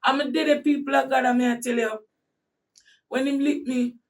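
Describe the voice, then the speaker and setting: A woman with a Jamaican accent telling a personal story in casual talk, animated and breaking into shouts at tense moments. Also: sits high, fairly quick, far from the mic.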